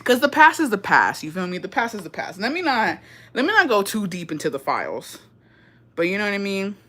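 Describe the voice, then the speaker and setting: A young woman livestreaming, telling a story to her viewers in an animated, profanity-laden way and slipping in Spanish phrases. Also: mid-range voice, fairly quick.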